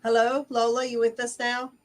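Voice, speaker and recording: A woman's voice: on the high side, completely flat delivery, moderate pace. Chatty woman telling a story, far from the mic. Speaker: co-host. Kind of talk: casual discussion on a video call. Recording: distant from the mic.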